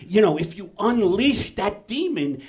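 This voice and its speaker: A middle-aged man with a New York accent shouting an angry comic rant on stage, then dropping into mumbled asides. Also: high-pitched, sing-song, unhurried. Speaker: comedian doing a rant segment. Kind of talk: ranting stand-up bit on a live podcast. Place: small comedy theater stage with audience. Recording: live theater audience audible.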